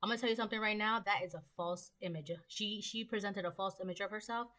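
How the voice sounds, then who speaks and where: A woman's voice: medium pitch, steady tone, fast, bright, forceful tone. A woman giving a casual collective tarot reading, rambling and chatty, with frequent ums and the odd casual swear word. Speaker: tarot reader.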